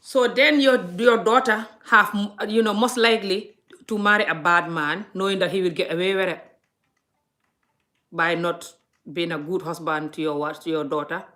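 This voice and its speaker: A woman's voice: lowish voice, steady tone, moderate pace, a bit bright. Earnest woman vlogger from Gambia. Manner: earnest, frequent restarts and repetition. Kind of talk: impassioned casual monologue.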